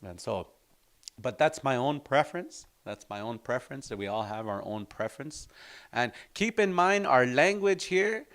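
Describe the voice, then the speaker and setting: A man leads an informal language class. He speaks in an unhurried, reflective way and weaves little stories into his teaching. His voice sits in an ordinary middle range. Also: medium pitch, lively intonation, a bit bright.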